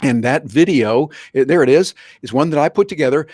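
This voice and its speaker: A man presents a live online workshop over a video call, telling it like a playful story. His pitch swings widely up and down, and the sound is close and dry with no room around it. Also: animated, a little fast, a little mellow, no room sound. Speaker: guest presenter, professional speaker.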